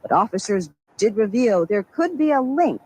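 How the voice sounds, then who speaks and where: Lively news reporter woman. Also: fairly high pitch, moderate pace, rough recording. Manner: crisp broadcast reading.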